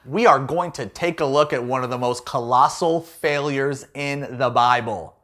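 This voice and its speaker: A man's voice: medium pitch, measured pace, a bit bright, faint music behind. A man giving a playful, jokey youth talk as a youth pastor.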